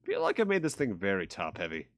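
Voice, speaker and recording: A man's voice: lowish voice, wildly swooping pitch, fast talker, no room sound, clean studio sound. A man streaming a video game, casually joking and swearing as he plays. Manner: joking, profane, with bursts of laughter. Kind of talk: casual let's-play commentary.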